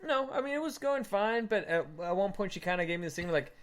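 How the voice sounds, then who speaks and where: A man's voice: high-pitched, expressive, fast talker, fairly bright tone. A man co-hosting a casual chat, telling a story with animation and plenty of swearing, acting out the quotes. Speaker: podcast co-host.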